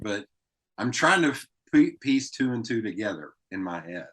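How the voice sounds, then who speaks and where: A man's voice: medium pitch, sing-song, moderate pace, a bit bright. A man with a Southern US accent hosting a podcast, telling stories in a chatty way and laughing easily. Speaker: podcast host. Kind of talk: casual conversation.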